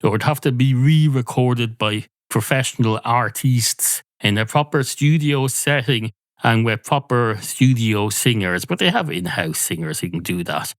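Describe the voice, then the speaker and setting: A man's voice: mid-range voice, lively intonation, a little slow, hardly any pauses, no echo. Sardonic Irish man rambling solo. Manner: sardonic, rambling, puts on mock radio voices. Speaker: podcast host. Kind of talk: solo comic monologue.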